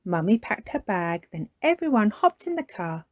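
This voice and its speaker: A woman reading a children's picture book aloud as a storyteller, softly and expressively. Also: medium pitch, sing-song, normal speed, dry recording.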